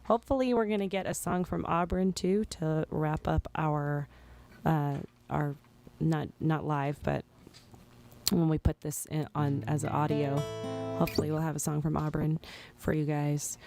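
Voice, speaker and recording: A woman with a notably low voice co-hosting a relaxed live stream. She talks about her music in a chatty, rambling way, restarting her sentences often. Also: unhurried, creaky. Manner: chatty, with frequent restarts and fillers. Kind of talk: casual chat.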